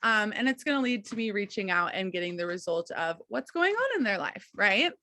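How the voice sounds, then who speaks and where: A woman's voice: medium pitch, very animated, a little fast, sharp tone, dry recording. A young adult woman leading a team coaching session over a video call, talking in an encouraging, chatty way with lots of fillers and check-ins with her listeners. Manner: encouraging, chatty, many fillers and "okay, you guys".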